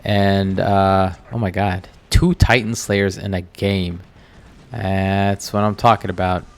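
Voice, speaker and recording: A man's voice: deep voice, little pitch movement, takes it slowly. An American man commenting casually over his own gameplay as channel host, chatty and distracted, full of ums and uhs. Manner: chatty, distracted, filler-heavy.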